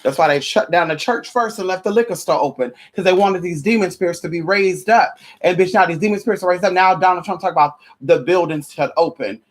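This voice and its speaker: A tired, sweaty vlogger preaches a profane, sermon-style rant at viewers, sassily calling them honey and girl. She stammers into restarts, shouts ow, and reads scripture slowly and dramatically, all at a medium pitch.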